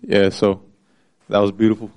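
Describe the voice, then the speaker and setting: A man with a low voice telling a personal story in a casual group chat, animated and laughing often. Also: moderate pace. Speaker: group participant sharing a story.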